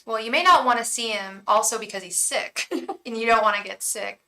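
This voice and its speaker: A young woman giving a live tarot reading, talking warmly and emotionally with many restarts and fillers. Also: a little high, moderate pace, a little hiss or hum. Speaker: tarot reader.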